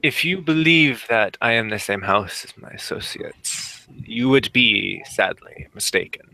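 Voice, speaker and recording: A man voicing a sly nobleman who speaks with smooth, predatory politeness. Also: on the low side, animated, unhurried, pushed and bright, heavily acted. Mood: condescending.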